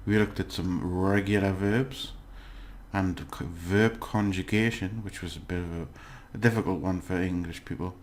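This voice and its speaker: A man with a very low voice walks through a lesson recap in a relaxed, unscripted way. He is patient and keeps checking in with the listener, pausing often to gather his words. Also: slight background noise. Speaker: language teacher. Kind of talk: casual recorded lesson recap.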